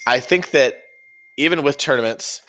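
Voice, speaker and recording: A man's voice: medium pitch, moderate pace, noisy background. A man hosting a casual miniature-painting livestream, rambling and swearing in a self-mocking way as he talks to viewers. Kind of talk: casual live-stream chat while painting.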